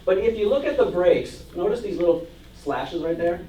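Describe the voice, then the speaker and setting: Male church music minister, higher voice, jovial and chatty class lecturer, recorded far off the mic in a roomy hall. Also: animated, normal speed, dark tone, a little hiss or hum. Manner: jovial and chatty, reads hymn verses aloud with laughs. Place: church meeting room.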